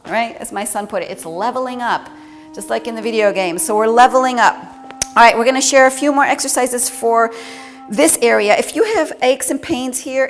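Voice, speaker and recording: A woman instructor calmly guiding breathing, posture and stretching exercises as she demonstrates them. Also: a little high. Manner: calm, encouraging cues, demonstrating while moving. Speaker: tantric practice instructor. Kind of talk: guided movement and breathing instruction. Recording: long hall reverb with clear background music.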